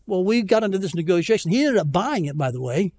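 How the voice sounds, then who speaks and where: A man preaching a conversational sermon as pastor, telling stories with self-deprecating humor and slowing down to plead earnestly. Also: high voice, sing-song, darkish tone. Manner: conversational storytelling, self-deprecating, pleading slowly at key points. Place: church.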